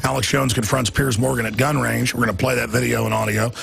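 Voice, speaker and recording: A middle-aged man hosting a political talk radio show, hoarse with a gravelly, raspy voice, ranting emphatically in rapid-fire bursts. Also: mid-range voice, level tone, fairly bright tone, slight background noise.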